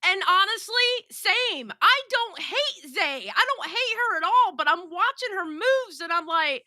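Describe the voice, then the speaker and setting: A woman's voice: extremely high pitch, animated, unhurried, hardly any pauses, pushed and bright, no echo. A woman in a casual streamed chat, talking expressively, with her voice swooping when she quotes.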